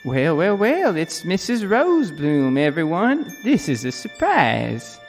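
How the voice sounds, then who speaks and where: A man's voice: fairly high pitch, huge pitch swings, slow pace, soft background music, heavily acted. A man playing a smarmy pastor with a showy, coaxing teacher tone.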